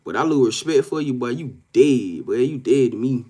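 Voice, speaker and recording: The voice is male, medium in pitch, expressive and dark-toned, at normal speed. He's a tarot card reader on a casual live stream, talking straight to viewers in a profane, emphatic manner, often repeating himself and laughing.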